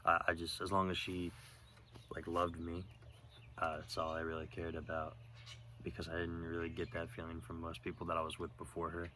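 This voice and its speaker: A young man telling a personal story in a rambling, profane, halting way, with lots of fillers, outdoors. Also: low-pitched, completely flat delivery, bright, forceful tone, a little hiss or hum. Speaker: vlogger. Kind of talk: casual storytelling monologue.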